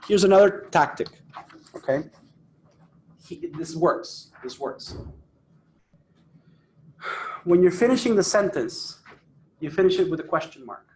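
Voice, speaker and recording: A man's voice: high-pitched, expressive, a little slow, long pauses, a little mellow, echoey room. A man coaching a phone sales team, emphatic and repeating points for stress. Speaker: sales trainer. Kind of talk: phone sales training talk. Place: office phone room.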